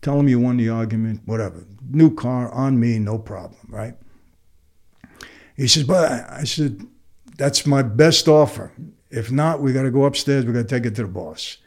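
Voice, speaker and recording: Older New man, mid-pitch, a guest who acts out every voice in his stories. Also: normal speed. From New York. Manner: animated, acts out the other people's lines. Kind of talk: storytelling in conversation.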